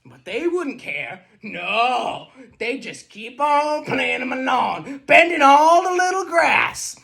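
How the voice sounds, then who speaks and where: Someone playing a grumpy old man rants about kids on his lawn and breaks into shouting. The voice is gravelly with wild pitch swings, and the pace is slow. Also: animated, a crowd in the background. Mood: cranky. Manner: cranky, shouting outbursts. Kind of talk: amateur comedy sketch acting.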